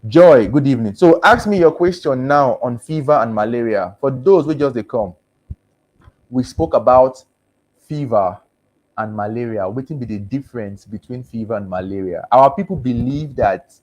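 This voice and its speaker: A man's voice: mid-range voice, normal speed, darkish tone. Male doctor, Nigerian Pidgin accent, casual live-stream host, easygoing and repetitive, voice starting to wear. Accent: Nigerian Pidgin English. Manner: chatty, switches between English and Pidgin, repeats thanks. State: voice going hoarse. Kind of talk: casual live-stream chat reading comments.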